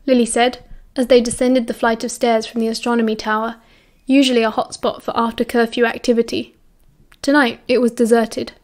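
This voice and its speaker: A woman with a British accent reading a novel aloud as an audiobook narrator, in a measured, steady way. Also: a little high.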